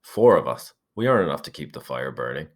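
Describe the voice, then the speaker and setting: A haunted boy leader who speaks low and strained, with his voice pushed up only slightly, as a man reads him aloud. He sounds shaken and brooding and keeps his words heavy. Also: big pitch swings, fast. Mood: muted. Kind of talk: reading a novel aloud with voices.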